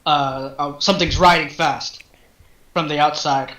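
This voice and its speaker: Man as game master, fairly high, bright voice, halting narration, roomy echo. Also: steady tone. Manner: loose, halting narration with restarts.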